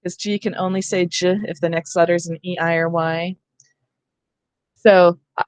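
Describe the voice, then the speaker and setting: A woman's voice: fairly low pitch, steady tone, normal speed, darkish tone, dry recording. Casual woman leading a teacher workshop. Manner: casual, conversational teaching with asides. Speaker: literacy teacher trainer. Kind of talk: professional development lecture.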